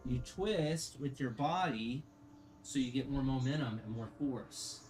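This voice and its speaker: A woman chatting casually on a stream, teasing and swearing between bursts of laughter and effortful grunts. Her pitch swings widely while she takes her time over the words, and clear music plays behind her. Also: lively intonation, measured pace, a little mellow. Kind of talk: casual chat.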